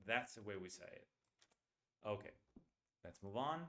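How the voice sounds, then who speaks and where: A man's voice: lowish voice, lively intonation, fairly bright tone. A man teaching an English pronunciation lesson, reading short lines aloud and repeating phrases to show how words get reduced. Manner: slows down to spell out sounds.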